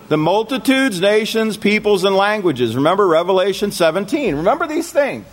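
High-voiced man teaching a sermon. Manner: repeated checks with the listeners, rhetorical questions. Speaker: congregation teacher. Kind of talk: sermon with scripture reading.

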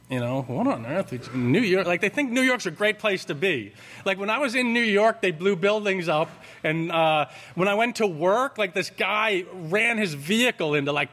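Man, slightly high voice, rambling storyteller with lots of fillers; long hall echo. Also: sharp tone. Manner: rambling, many fillers and restarts. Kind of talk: casual spoken anecdote.

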